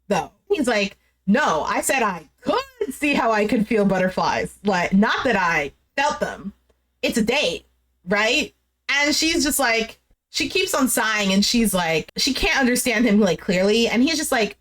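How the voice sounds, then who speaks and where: A young woman casually recapping a dating show, chatty and animated, full of "like" and quoted dialogue. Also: on the high side, normal speed. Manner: chatty, animated retelling with lots of "like". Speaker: recap streamer.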